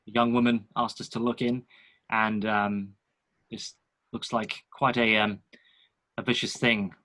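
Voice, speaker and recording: A man's voice: lowish voice, level tone, measured pace, fairly bright tone. A man playing his character in a tabletop game, speaking in a formal, courtly, theatrical way. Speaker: player. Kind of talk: in-character tabletop role-play.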